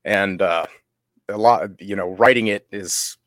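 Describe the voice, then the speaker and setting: Low-voiced man chatting loosely. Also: measured pace, fairly bright tone, no room sound, studio quality. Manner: rambling, laughs often. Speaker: audio drama podcast writer. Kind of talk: casual chat on a remote call.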